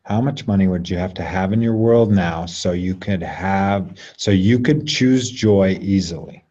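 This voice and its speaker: A man with a somewhat low voice guides an online class through an energy exercise. He speaks in a slow, soothing, coaxing way, letting phrases trail off. The sound is dull and lo-fi, like a video call. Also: warm tone. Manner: slow, soothing, coaxing delivery with drawn-out pauses. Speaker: class leader.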